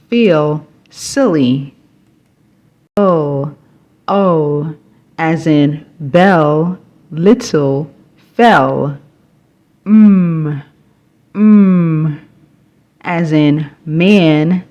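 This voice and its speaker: A woman teaching phonics, reading sounds and example words one at a time with long pauses between them. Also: deep voice. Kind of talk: slow, paced phonics instruction.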